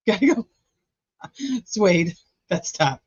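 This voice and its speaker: Extremely slow and breathy, this man's high voice swings widely in pitch. He's a true crime channel host giving casual livestream commentary, rambling chattily and thinking out loud as he checks his notes. The audio is dry and dull.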